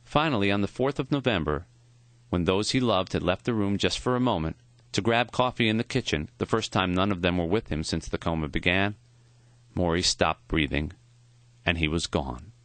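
A man quietly narrating a memoir audiobook in a measured, reflective way. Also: low voice, dry recording.

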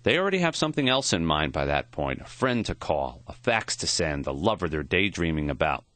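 Deep-voiced male audiobook narrator. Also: big pitch swings, fairly quick, fairly bright tone, no room sound. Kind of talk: scripted narration.

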